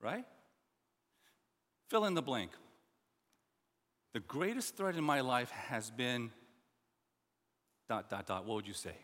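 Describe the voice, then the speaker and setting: A man preaching a sermon as pastor, emphatic and repetitive, swinging between loud stresses and quiet asides. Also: mid-range voice, lively intonation, takes it slowly, pauses often, long reverb tail.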